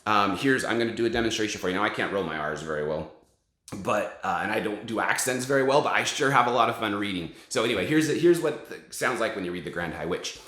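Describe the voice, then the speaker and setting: A man in his forties talks up favorite children's books in an eager, encouraging way. His pitch jumps around lively. A roomy echo hangs on his voice. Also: fast talker. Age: 40s. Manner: enthusiastic, encouraging. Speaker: book recommender, father. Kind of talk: casual book recommendations to camera.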